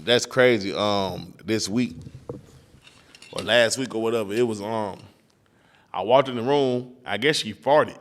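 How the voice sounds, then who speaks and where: A man's voice: fairly low pitch, measured pace, long pauses. Man telling rambling stories loosely. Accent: Houston. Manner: loose storytelling, acts out his daughter's lines. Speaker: rapper guest. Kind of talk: casual interview chat.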